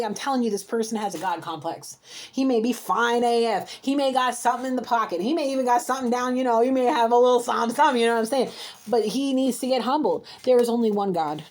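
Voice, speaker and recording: A woman with a high voice delivers an intuitive card reading. She scolds emphatically, piling up repeated words as she rants at her unseen listener. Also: a little mellow. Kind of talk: heated spiritual card reading.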